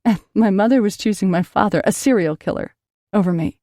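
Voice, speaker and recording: Mellow-voiced woman narrating an audiobook. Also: medium pitch, brisk, no echo, studio quality. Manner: emotional first-person reading.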